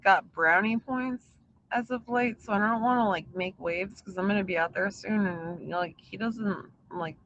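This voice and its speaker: A livestreamer chatting to viewers with a gravelly edge full of vocal fry, swearing freely and drifting between thoughts. Fillers pile up as they ramble into a desk mic, with faint noise underneath. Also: medium pitch, fairly bright tone, muffled recording. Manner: profane, filler-heavy, meandering. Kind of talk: casual rambling stream chat.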